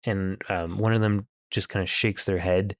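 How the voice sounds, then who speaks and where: A man's voice: low voice, steady tone, normal speed. A man co-hosting a comedic podcast, reading listener comments aloud and riffing with frequent laughs and restarts. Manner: laughs often, reads comments aloud and tells stories with restarts. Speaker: podcast co-host. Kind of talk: casual comedic podcast chat.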